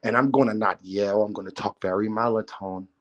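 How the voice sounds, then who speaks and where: A man putting on a soft, slow, monotone voice to mock being a polite, quiet host. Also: fairly low pitch, dull audio, pitched below the performer's own voice, lightly acted. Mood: mock calm. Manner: hushed, slow, deliberately monotone.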